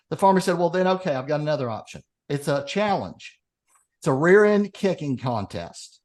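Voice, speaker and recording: Guy telling a joke on a podcast, lively, does the voices. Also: a little high, a little fast. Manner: animated storyteller, acts out characters. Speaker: podcast co-host. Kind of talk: casual chat, telling a joke.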